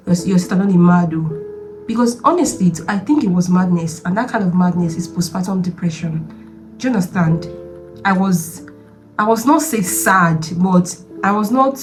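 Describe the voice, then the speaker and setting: Young woman vlogger, mid pitch, chatty and emphatic, repeats for effect, faint music bed. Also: a little mellow. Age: young adult. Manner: chatty and emphatic, repeats herself, often asks the viewer "do you understand?". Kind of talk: casual confessional vlog.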